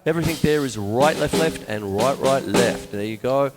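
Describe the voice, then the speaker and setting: A man's voice: mid-range voice, normal speed. A man hosting a live drum lesson, talking through sticking patterns while he plays. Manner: rambling, explains sticking patterns aloud. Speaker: drum teacher and show host. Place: room with a drum kit. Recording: long reverb, faint music behind.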